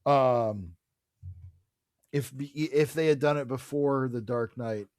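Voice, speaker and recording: A man co-hosting a podcast, retelling a comic book's plot in animated bursts and swearing freely. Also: medium pitch, slow, no room sound, clean studio sound. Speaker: podcast co-host. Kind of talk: casual comic book discussion.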